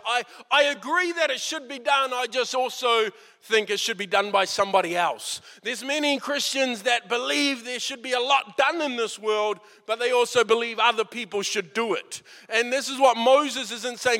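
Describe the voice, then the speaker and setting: A New man preaches a sermon in a high, bright voice. His delivery is conversational and earnest, and he acts out quoted lines. A long hall reverb trails behind every phrase. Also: normal speed. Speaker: pastor.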